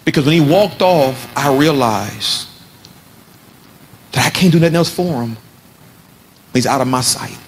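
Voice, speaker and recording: A man's voice: mid-range voice, a little slow, long pauses, a little hiss or hum. A man preaching a sermon to a men's gathering, telling a story and then building to fervent exhortation.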